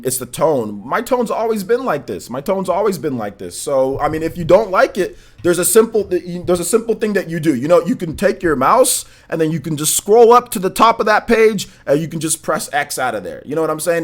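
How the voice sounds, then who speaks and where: Brief: young male streamer, high-ish voice, emphatic and repetitive, high energy. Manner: energetic, emphatic, repeats himself. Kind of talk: live stream chat.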